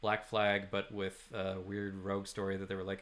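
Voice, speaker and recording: Low-voiced guy hosting a podcast, sarcastic and sweary, just chatting. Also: monotone, normal speed, a bit bright. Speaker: podcast host. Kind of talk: casual chat.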